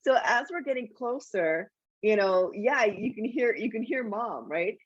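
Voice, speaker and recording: Animated, laughing woman telling stories. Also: on the high side, a little slow, slightly rough, no room sound, muffled recording. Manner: animated, laughing anecdotal storytelling. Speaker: guest author. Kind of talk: casual interview chat.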